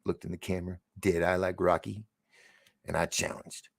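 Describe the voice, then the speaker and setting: Gravelly low-voiced man rambling on a livestream. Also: little pitch movement, normal speed, no echo, studio quality. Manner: rambling, distracted, trails off and restarts; laughs and gasps between remarks. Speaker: livestream host. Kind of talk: casual livestream chat, reading viewer comments.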